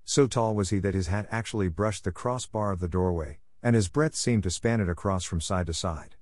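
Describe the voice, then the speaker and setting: Low-voiced male audiobook narrator. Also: darkish tone. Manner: measured storytelling. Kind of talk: scripted narration.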